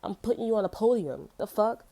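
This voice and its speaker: A woman's voice: medium pitch, lively intonation, a little fast, gravelly, warm tone. A woman giving a casual tarot reading, telling personal stories in loose slang and laughing often. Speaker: tarot reader.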